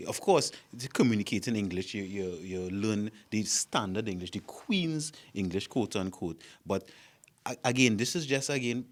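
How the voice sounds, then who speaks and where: A man with a Trinidadian accent in a casual group discussion, measured and repeating his points for emphasis. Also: lowish voice.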